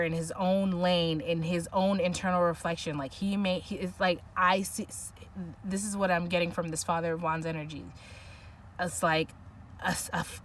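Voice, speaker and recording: Soft-spoken woman giving a tarot reading. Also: lowish voice, distant mic, slight background noise. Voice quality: soft, emotional at times. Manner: musing, searching for words, many restarts and "like". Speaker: tarot reader. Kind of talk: intuitive tarot reading monologue.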